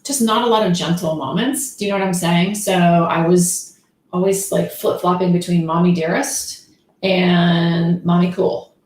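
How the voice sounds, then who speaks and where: A middle-aged woman who works as a coach and host gives a casual motivational talk, speaking candidly with plenty of fillers and rhetorical questions. Her voice is lowish and a little mellow, with a steady tone and measured pace. The room is echoey, with faint background noise.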